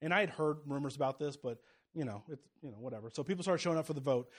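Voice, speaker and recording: A man preaches with a fairly high, slightly rough voice and a rapid-fire delivery. His sermon includes a personal story and moves between loud, rising exhortation and quiet, confiding asides.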